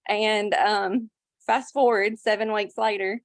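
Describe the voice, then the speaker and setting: A woman's voice: medium pitch, steady tone, normal speed, no room sound. Earnest woman telling her story, close to tears. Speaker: guest sharing a testimonial.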